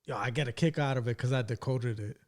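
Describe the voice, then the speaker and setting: A man's voice: medium pitch, fast, a little mellow. A man appearing as a guest on a podcast, joking around in casual chat. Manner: joking, playful.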